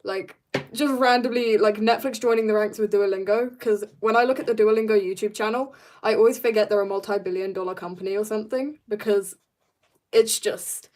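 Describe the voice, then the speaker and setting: Teen girl streamer, bit husky n hoarse, rambly and playful, chatting to viewers at her desk mic. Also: mid-range voice, darkish tone. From South Africa. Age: teens. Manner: rambling, playful, reads out chat and greets viewers. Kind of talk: casual live-stream chat.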